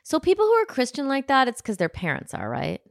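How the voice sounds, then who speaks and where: A woman's voice: high voice, wildly swooping pitch, a little fast, vocal fry, no room sound, clean studio sound. A woman co-hosting a podcast, chatting in a laughing, affectionate way. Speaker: podcast co-host. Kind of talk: casual banter.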